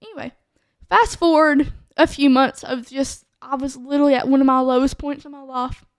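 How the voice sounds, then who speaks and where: On a podcast, a young-sounding woman with a high voice shares her testimony in a casual, rambling way at a moderate pace. She's chatty, fills her speech with "like," and keeps restarting sentences. The audio is dry and close, with no room echo.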